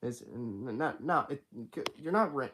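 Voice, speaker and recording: A teenage boy chatting casually on a livestream from his bedroom, halting and rambling with many restarts. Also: medium pitch, lively intonation, a bit bright, a little hiss or hum. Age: teens. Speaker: livestream host.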